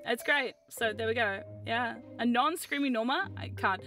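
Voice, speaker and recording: A young woman with a New Zealand accent chatting on a livestream, chaotic and loud, laughing often and bursting into screams. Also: a little high, expressive, moderate pace, few pauses, soft background music. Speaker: VTuber streamer. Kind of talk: casual livestream chat.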